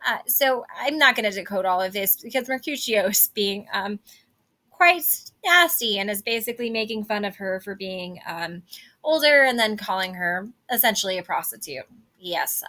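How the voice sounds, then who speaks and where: A woman's voice: mid-range voice, lively intonation, normal speed, bright, forceful tone. A young woman teacher reading a play aloud and explaining it in a casual, chatty way.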